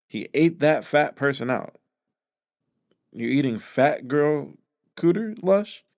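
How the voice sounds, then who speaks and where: A man giving sarcastic, incredulous reaction commentary on podcast clips, with frequent filler pauses. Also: mid-range voice, darkish tone.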